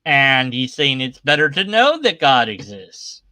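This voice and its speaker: Irreverent male commentator, bright tense tone, dry close sound, mocking delivery. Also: mid-range voice, big pitch swings, unhurried, no room sound. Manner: sarcastic, irreverent. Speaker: atheist commentator. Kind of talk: casual commentary reading scripture. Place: at his computer sharing his screen.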